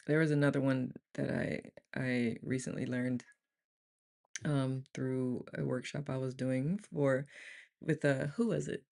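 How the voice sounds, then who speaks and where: Woman, group leader, gravelly voice, chatty, rambling, laughs often, casual online session. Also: a bass voice, steady tone, measured pace, darkish tone. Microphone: on camera, computer mic.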